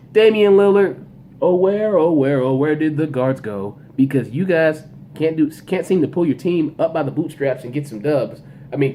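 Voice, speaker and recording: Animated, opinionated male sports podcaster. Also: a little high. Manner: animated, opinionated, talks to players directly. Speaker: sports show host. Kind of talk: solo sports commentary podcast.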